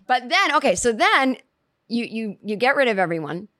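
A woman's voice: a little high, big pitch swings, brisk, fairly bright tone, dry recording, clean studio sound. A woman telling a casual comic story, rambling and chatty, acting out quoted reactions as she goes.

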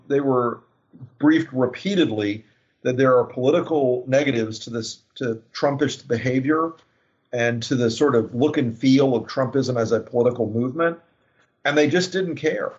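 A man's voice: mid-range voice, normal speed, a little mellow. A man talking politics as a guest, sardonic and full of false starts. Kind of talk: casual political discussion. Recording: dull lo-fi sound.

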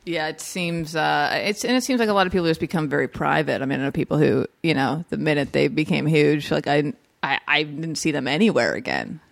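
Female podcast host, relaxed and chatty, raspy vocal fry, dry close mic. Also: low-pitched, fairly quick, hardly any pauses, no room sound. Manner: relaxed, laughing, short agreeing replies. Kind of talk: casual podcast chat.

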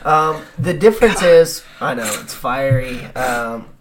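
A man's voice: mid-range voice, lively intonation, measured pace, crowd noise. A man co-hosting a casual sports podcast, earnest and rambling, often restarting his sentences. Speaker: podcast co-host.

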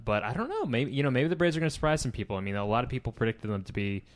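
A young man co-hosting a comedy podcast, rambling through sports talk with lots of halting restarts. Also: medium pitch, big pitch swings. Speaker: podcast co-host. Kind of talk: casual comedy podcast chat.

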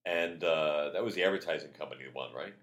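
A man, a comedian guest, telling stories in casual chat with a loud, projecting, animated delivery. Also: very deep voice, a little fast.

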